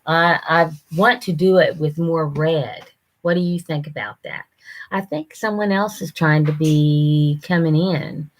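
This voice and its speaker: An older woman, chatting casually on a live stream, rambling and halting with lots of fillers. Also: low voice, fairly even intonation. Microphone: computer camera mic.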